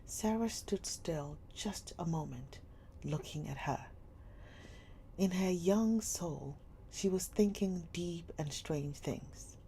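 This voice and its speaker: Slow, soft-spoken woman reading a story. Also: fairly low pitch, a little hiss or hum. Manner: slow, soft, often near a whisper. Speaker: narrator reading a classic novel aloud.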